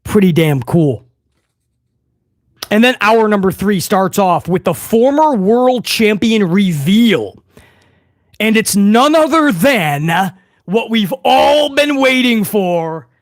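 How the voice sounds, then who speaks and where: A man giving a casual, excitable wrestling recap, sarcastic and swearing freely, with frequent restarts. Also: sits high, slow, no echo, studio quality. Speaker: wrestling commentary vlogger.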